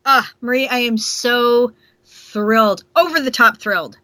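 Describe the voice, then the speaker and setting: A woman from Canada co-hosts a podcast with a bright, forceful tone. She sits slightly high in pitch, dry on the mic, and keeps the chat playful. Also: a little slow, no echo. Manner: playful, joking. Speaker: podcast co-host. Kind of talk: casual chat.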